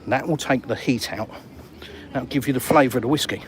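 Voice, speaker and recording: An English-accented man talks casually on camera while walking outdoors, holding his phone. His delivery is cheeky and slangy, full of teasing asides to viewers. Faint traffic hums behind him, and his pitch sits in a middle range. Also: a little fast. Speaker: vlogger. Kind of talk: casual walk-and-talk vlog. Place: outdoors on an urban seafront street.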